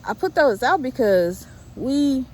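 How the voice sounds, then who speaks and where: A breathless middle-aged woman walks down a neighborhood street, filming herself on her phone and urging viewers on with repeated, preachy encouragement. Her voice sits a little high for a woman. Faint outdoor street noise runs behind her. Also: sing-song, slow pace. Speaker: vlogger. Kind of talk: casual motivational vlog while walking.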